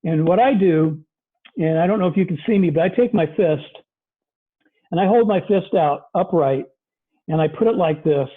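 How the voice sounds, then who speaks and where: A man's voice: a little high, normal speed. A man preaching a conversational sermon as pastor, with many fillers. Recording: tinny phone-like recording.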